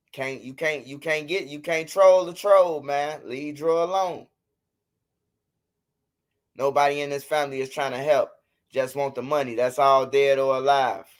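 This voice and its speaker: Speaking with a fairly high pitch and a fairly bright tone, a man from Chicago, judging by his accent, hosts casual livestream commentary for a street news channel. Much of it is repetitive mockery and trash talk aimed at his critics.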